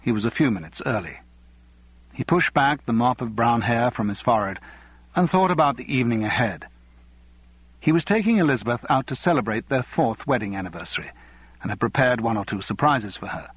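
A man reading a novel aloud as narrator, in a measured, even way. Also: medium pitch, breathy edge, no room sound, muffled recording. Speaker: audiobook narrator. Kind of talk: scripted narration.

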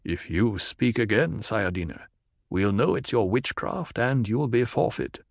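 A man voicing a grave, firm male tribal leader, speaking in a measured way. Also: on the low side, expressive, vocal fry, dry recording, clean studio sound, heavily acted. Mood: stern.

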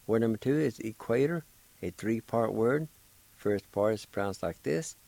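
The Cherokee lesson comes from a radio host whose fairly low, dark voice has vocal fry and lively intonation, captured on a rough, dry recording. He patiently spells out each word syllable by syllable at a slow pace, offering the listener encouragement.

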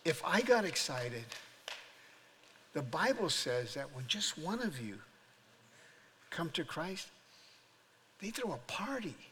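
An older man, a pastor, preaching a sermon as an animated storyteller who acts out voices and laughs often. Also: fairly high pitch, slow pace, pauses often, big-room sound, a little hiss or hum.

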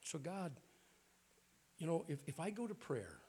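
A man's voice: fairly high pitch, big pitch swings, a little slow, a little mellow, slightly rough. A middle-aged man with a Southern US accent, preaching a folksy, joking sermon in a church. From American South. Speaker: guest preacher. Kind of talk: humorous sermon.

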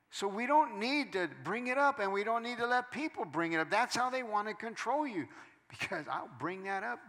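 Bright-voiced male pastor preaching in a hall. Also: high voice. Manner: swings from quiet storytelling to loud preaching. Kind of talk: sermon.

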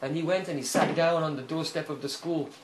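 Animated preacher with roomy echo. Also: male voice, fairly high pitch, fairly quick. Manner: animated storyteller, frequent "hmm?" checks, chuckles. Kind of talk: sermon storytelling. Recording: echoey room, faint hiss.

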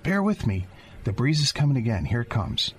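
A man playing a calm American husband on his honeymoon in a radio drama, playful and reassuring. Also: mid-range voice, fairly quick, slight background noise, close to an everyday voice. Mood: coaxing.

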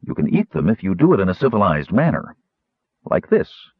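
A man voicing a calm, steady grown knight who speaks in a measured, patient way. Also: sits low, slightly rough, no room sound, narrow, tinny audio, exaggerated voice.

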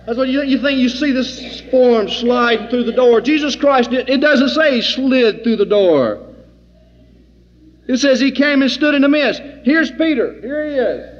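A man teaching an informal sermon, folksy and animated, acting out the scenes he describes. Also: very high voice, measured pace. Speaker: Bible teacher. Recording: dull lo-fi recording in a reverberant hall.

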